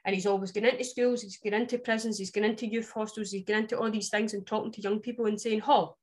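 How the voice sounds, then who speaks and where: A woman from the West Coast of Scotland co-hosts a podcast, talking fast in a mid-range voice with little pitch variation. Her casual chat is emphatic and blunt, and she swears freely.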